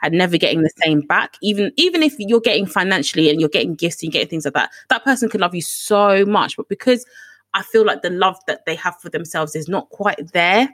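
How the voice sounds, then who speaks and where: A woman co-hosting a podcast in casual chat, animated and frank, venting with the odd swear word. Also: fairly low pitch, fairly quick, no room sound. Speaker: podcast co-host.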